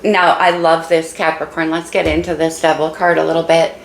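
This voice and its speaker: A woman's voice: deep voice, flat delivery, moderate pace, creaky, reverberant, slight background noise, rough recording. A woman giving an encouraging, emotional tarot reading while losing her voice. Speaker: tarot reader.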